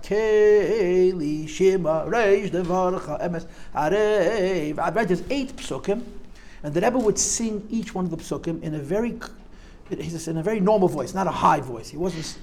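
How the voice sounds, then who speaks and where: A man's voice: sits high, creaky. An older man telling a live audience his memories in a vivid, demonstrative way, dropping in Yiddish and Hebrew terms. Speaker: speaker recounting memories to an audience. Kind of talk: storytelling talk to a live audience.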